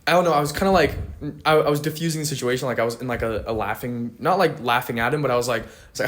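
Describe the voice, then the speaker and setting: A man's voice: mid-range voice, rapid-fire, few pauses. An eighteen-year-old man, a podcast guest, chatting casually in slang with lots of swearing and fillers. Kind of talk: casual chat.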